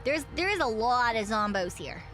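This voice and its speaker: A woman's voice: a little high, very animated, moderate pace, pushed and bright, soft background music. A woman VTuber streaming a game, chattering to herself in a giggly, rambling way and swearing freely. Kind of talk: casual gaming livestream chatter.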